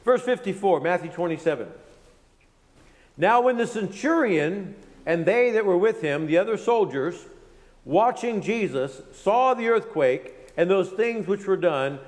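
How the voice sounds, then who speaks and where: A man teaching verse by verse from the Bible. He reads King James passages aloud, then explains them plainly, with unhurried pauses and "uh" fillers. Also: high-pitched, in a large hall.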